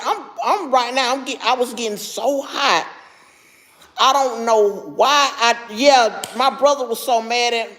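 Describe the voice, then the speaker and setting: A middle-aged woman with a slightly high voice breathes heavily and laboriously as she tells a story to her livestream chat. She pauses now and then to answer viewers by name, and the sound suggests a large hall.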